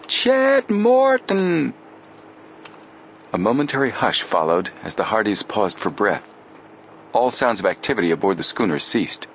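Deep-voiced man narrating a story. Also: a little hiss or hum. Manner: steady, measured storytelling. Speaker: audiobook narrator. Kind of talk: scripted narration.

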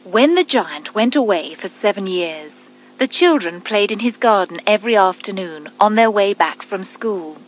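A woman reading a children's story aloud, calm and deliberate, with clearly spaced phrases. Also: mid-range voice, a little hiss or hum, rough recording.

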